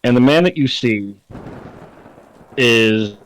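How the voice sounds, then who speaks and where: A man acting as game master, narrating a tabletop game in slow, deliberate descriptions over a voice call. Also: mid-range voice, expressive, clear, resonant tone, poor audio.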